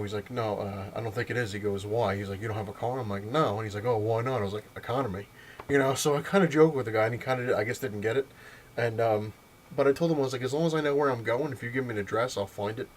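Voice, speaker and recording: A man tells a rambling story on his home vlog in a lowish voice. He keeps laughing at his own jokes. A faint background hum sits under the recording. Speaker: vlog host.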